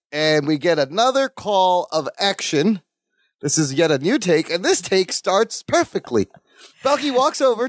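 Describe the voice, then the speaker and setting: Animated high-voiced man retelling a sitcom. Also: dry recording, clean studio sound. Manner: animated retelling, acts out characters' lines. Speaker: podcast co-host. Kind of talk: casual recap chat.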